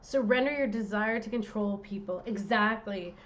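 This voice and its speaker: A woman's voice: mid-range voice, normal speed, lo-fi sound. A woman tarot reader talking straight to her viewers, worked up and direct as she gives a reading.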